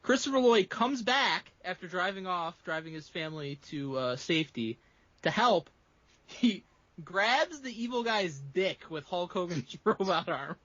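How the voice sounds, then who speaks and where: A man's voice: sits high, expressive, unhurried, fairly bright tone, no room sound, lo-fi sound. A man co-hosting a podcast, recapping a movie in casual, profane chat and laughing often. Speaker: podcast co-host recapping a film.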